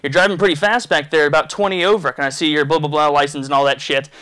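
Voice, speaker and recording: A guy doing a stern small-town cop who smirks through a folksy drawl, a bit higher than his own voice and fast-talking. The voice is bright and forceful, with a hint of amusement under the sternness. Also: fairly even intonation, smooth. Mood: stern, amused.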